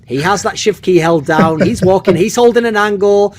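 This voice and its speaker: A man giving blunt, animated opinions on a podcast, swearing freely and punctuating points with "okay?". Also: sits high, normal speed, few pauses, slight background noise. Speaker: esports podcast host.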